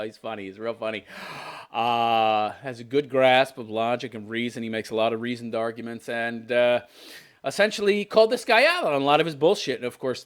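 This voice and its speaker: A man's voice: medium pitch, a bit bright, clean tone. A man in his fifties, hosting a commentary show, ranting with profanity and sarcasm and laughing at his own jokes. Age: 50s.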